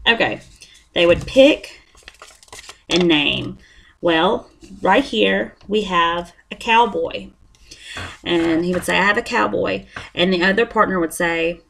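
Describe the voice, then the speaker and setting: A woman's voice: on the low side, fairly bright tone, slight background noise. A young woman demonstrates a lesson plan step by step, often apologizing as she goes. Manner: apologetic, chatty, explains step by step. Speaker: student teacher presenting a lesson plan.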